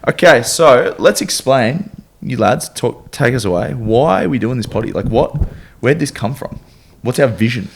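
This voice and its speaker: A young man in his twenties hosting a casual podcast chat, relaxed and steering the conversation. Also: mid-range voice, moderate pace, vocal fry, few pauses, slight background noise. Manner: relaxed, laughing, leads the talk. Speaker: podcast host, rugby player.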